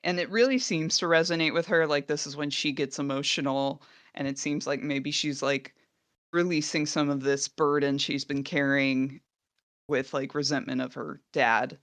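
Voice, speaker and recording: A woman's voice: low voice, fairly even intonation, normal speed, no echo. A woman co-hosting a podcast, casually recapping an episode, laughing often and acting out quoted lines. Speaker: podcast co-host.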